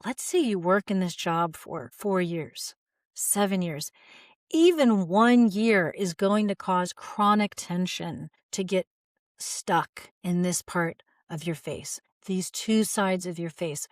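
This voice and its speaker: A woman in her forties speaking as a voice teacher in an instructional video. Her delivery is calm and gently guiding. The sound is close and dry, with no room echo. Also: lowish voice, slow pace.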